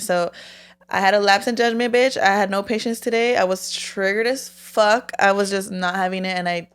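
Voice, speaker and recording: Frank, profane young woman with smooth voice. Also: medium pitch, normal speed. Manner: frank, profane, animated storytelling. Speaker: podcast co-host. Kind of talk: candid casual chat.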